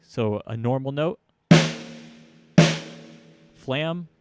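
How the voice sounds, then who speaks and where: A man's voice: mid-range voice, lively intonation, very slow, over loud music. A man giving a casual drum lesson, explaining hits and counting beats aloud. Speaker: drum teacher. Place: room with a drum kit. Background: drums played between talk.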